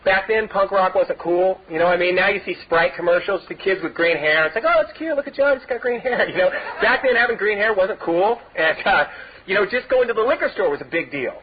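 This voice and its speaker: A man's voice: sits high, fairly quick, husky. A middle-aged man from Southern California giving a personal testimony at a recovery meeting, rambling with many "you know" fillers and laughing through his own stories. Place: meeting hall. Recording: dull lo-fi tape recording.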